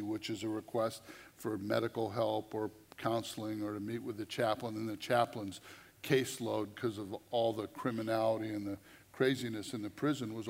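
Animated male preacher in a reverberant hall. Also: lowish voice, vocal fry. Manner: animated, conversational, repeats words. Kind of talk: sermon storytelling. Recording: long reverb of a large hall.

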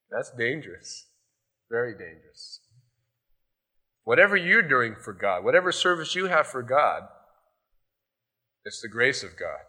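A man's voice: mid-range voice, big pitch swings, unhurried, pauses often, sharp tone. A male pastor giving a sermon in a loose, conversational storytelling way, often adding "you know".

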